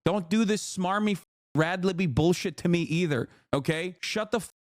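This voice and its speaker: A man's voice: sits high, moderate pace, no room sound, studio quality. A male streamer hosting a live commentary, ranting angrily and sarcastically with heavy profanity. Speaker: streamer host.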